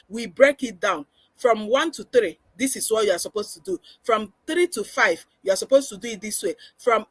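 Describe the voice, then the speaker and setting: A woman's voice: a little high, a bit bright, no room sound. A woman giving a parenting webinar lecture, earnest and instructive, often acting out how parents should talk with children. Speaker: parenting coach.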